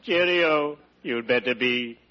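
A man's voice: mid-range voice, slow pace, lightly acted. A man playing a sly, punning undertaker on old-time radio. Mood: wry. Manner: sly, punning, chuckling at own jokes. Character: wisecracking male undertaker with morbid puns. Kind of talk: 1940s radio sitcom acting. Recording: dull old radio recording with loud hiss.

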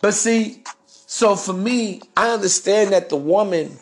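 A man's voice: high voice, measured pace, soft background music. Swaggering man preaching dating advice. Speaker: podcast host.

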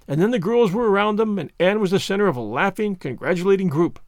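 A man narrating a classic novel aloud in an expressive storybook reading. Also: sits high, fast, hardly any pauses, no room sound, studio quality. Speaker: audiobook narrator.

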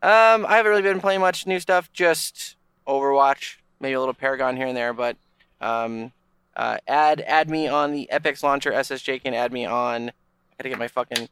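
A man's voice: mid-range voice, normal speed, a bit bright, clear, resonant tone, no echo. A man co-hosting a gaming podcast, chatting casually with a sarcastic, joking manner and frequent stammered restarts. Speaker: podcast co-host. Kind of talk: casual chat.

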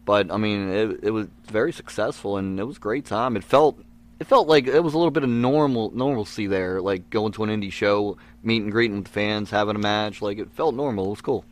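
A man's voice: fairly low pitch, brisk. A man who is a wrestler, talking earnestly with many fillers in a casual interview. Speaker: guest, wrestler.

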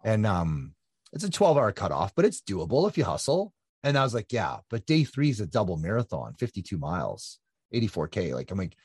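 A man in his fifties telling his story in a casual interview, animated, with many fillers and restarts. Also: fairly low pitch, fairly quick, breathy edge, dry recording. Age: 50s. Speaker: guest, ultra-endurance triathlete.

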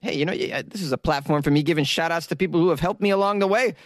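A man's voice: on the high side, rapid-fire, dry recording, clean studio sound. A middle-aged man, a comedian hosting his own podcast, talking casually and rambling with self-interruptions. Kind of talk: casual solo podcast talk.

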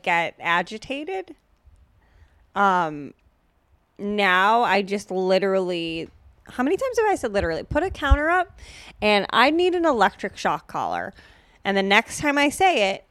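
A woman's voice: mid-range voice, fairly bright tone, no echo. A woman co-hosting a podcast in casual chat, blunt and profane, joking, with lots of fillers. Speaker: podcast co-host.

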